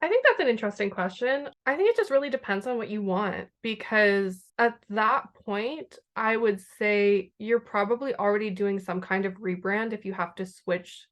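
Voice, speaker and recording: A woman's voice: mid-range voice, normal speed, few pauses. Chatty woman writer on a podcast. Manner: chatty, many fillers, laughs often. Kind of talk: casual podcast chat.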